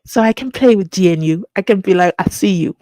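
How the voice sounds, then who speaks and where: A woman's voice: mid-range voice, quick pace, warm tone, dry recording. A woman hosting a channel, chatting casually and playfully while she reads out viewer comments. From South Africa. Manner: playful, teasing, laughs often.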